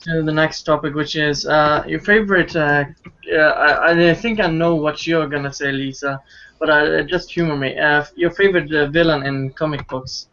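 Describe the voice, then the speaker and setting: A man's voice: on the high side, steady tone, moderate pace, sharp tone, lo-fi sound. A man hosting a casual gaming podcast, moving the talk between topics with many fillers. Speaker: podcast host.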